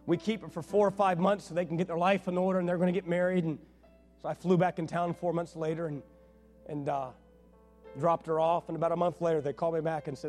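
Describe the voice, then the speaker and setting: A man preaching as a pastor, telling a personal story in a conversational, animated way and acting out the dialogue. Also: high voice, quick pace, faint music behind. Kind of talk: sermon storytelling.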